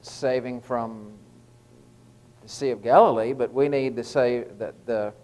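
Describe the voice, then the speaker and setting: A man gives a relaxed, informal devotional, talking through scripture in an everyday tone. He pauses often, restarting phrases and filling gaps with "uh". His voice sits at an ordinary middle pitch. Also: low-quality recording. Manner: conversational, with frequent fillers and restarts. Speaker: lay preacher giving a short devotional.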